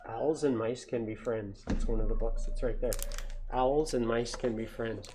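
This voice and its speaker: A man hosting a children's story time, reading aloud and breaking off for playful, chatty asides. His pitch sits mid-range for a man. A faint noise hums under the recording. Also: fairly even intonation, normal speed. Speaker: story time reader at a science center.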